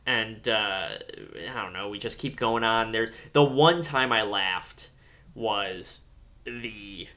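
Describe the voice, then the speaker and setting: A man's voice: fairly low pitch, takes it slowly, pushed and bright. A man co-hosting a podcast, reviewing a movie in casual chat, blunt and profane and laughing often. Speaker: podcast co-host.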